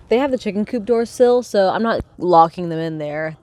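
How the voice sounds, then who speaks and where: A woman hosting a book club podcast in a rambling, excitable, casual chat, swearing freely, outdoors by a chicken coop and filmed on a handheld phone. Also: mid-range voice, moderate pace, hardly any pauses, noisy background. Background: chickens clucking.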